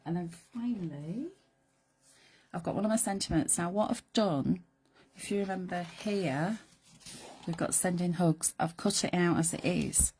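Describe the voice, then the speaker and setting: A middle-aged woman presenting a live craft demonstration, chatty and playful, sometimes dropping to soft whispered asides as she works. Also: on the low side, measured pace, slightly rough. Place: craft studio.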